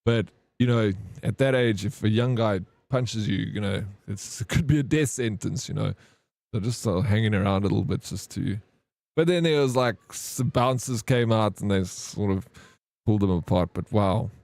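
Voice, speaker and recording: Rambling through slangy stories for his stream audience, this man in his 30s drops "bro" constantly. He talks at normal speed in a fairly low, gravelly, slightly mellow voice, recorded dry.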